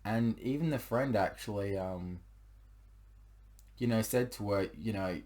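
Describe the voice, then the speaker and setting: A man's voice: lowish voice, unhurried, a little mellow. A young man tells a personal relationship story in a casual, rambling way, with many fillers and restarts.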